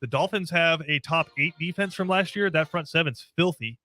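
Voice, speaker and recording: A man's voice: on the high side, pushed and bright. A man co-hosting a sports talk show who talks casually, teases his partner, and keeps pulling the talk back on topic. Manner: rapid, teasing, keeps steering back on topic. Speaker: co-host.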